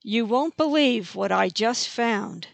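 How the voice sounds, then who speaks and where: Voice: mid-range voice, takes it slowly, vocal fry, dry recording. Narrator voicing a plucky young woman. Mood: excited. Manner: excited, calling out. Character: small brave young woman.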